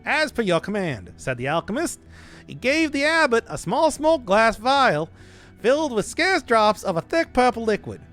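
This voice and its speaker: A man putting on a loud Chicago accent to read game text aloud, voice raised higher and louder than his own. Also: sing-song, normal speed, soft background music, heavily acted. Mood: hammy.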